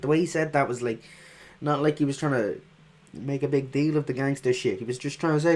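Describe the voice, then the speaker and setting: A man casually reacting to a rap track, excitable and swearing freely, often trailing off mid-thought. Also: mid-range voice, a little fast. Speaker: reaction video host.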